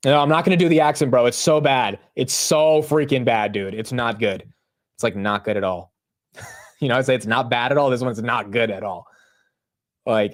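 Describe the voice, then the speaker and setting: A man from the United States hosting a live stream of market commentary, chatty and slangy, often laughing and calling viewers bro and dude. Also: mid-range voice. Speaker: livestream host.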